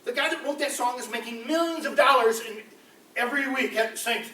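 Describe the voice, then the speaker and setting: A man doing loose political stand-up, rambling and animated and slipping into mocking voices. He sounds distant from the mic in a roomy, echoey space with a faint ambient hum behind him. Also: very high-pitched, a little fast. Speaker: street comedian. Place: campus room before a live audience. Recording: echoey room, voice from far off.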